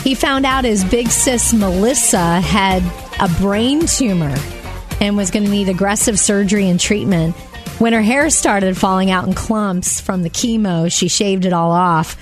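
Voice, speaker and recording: A woman's voice: medium pitch, a little slow, faint music behind. Upbeat female radio co-host. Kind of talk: reading light news stories on radio.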